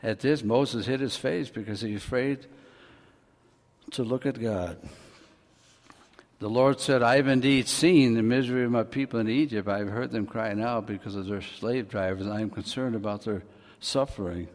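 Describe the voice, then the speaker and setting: A man's voice: mid-range voice, normal speed. A male pastor preaching a sermon in a folksy way, joking with the congregation and swelling his voice for emphasis. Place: church hall. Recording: long hall reverb.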